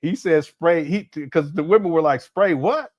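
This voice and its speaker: Man hosting a live reaction stream, high voice, dry close sound, laughing and tripping over words. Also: moderate pace, no room sound, muffled recording. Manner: laughs often, repeats and stumbles, talks straight to chat.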